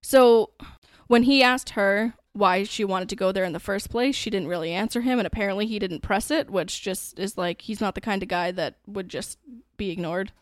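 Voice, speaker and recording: A woman's voice: mid-range voice, normal speed, no echo, studio quality. A woman co-hosting a podcast, casually retelling a true-crime case with lots of fillers and some swearing. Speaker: podcast co-host.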